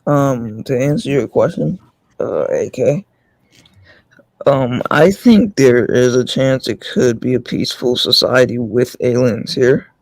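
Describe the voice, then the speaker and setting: A man in a casual podcast chat, giving a cautious, measured answer. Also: medium pitch, gravelly, dry recording.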